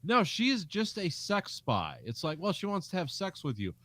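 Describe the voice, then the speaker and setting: A man's voice: sits high, wildly swooping pitch, moderate pace, sharp tone, no echo. A man co-hosting a podcast in casual chat, riffing sarcastically and acting out mock quotes. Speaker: podcast co-host. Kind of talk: casual film discussion.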